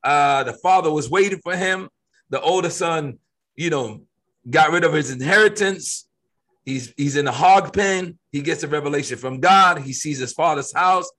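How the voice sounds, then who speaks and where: High, bright-voiced preaching man. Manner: emphatic, preacherly, quick to stress points. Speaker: co-host of a faith discussion. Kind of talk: conversational Bible teaching.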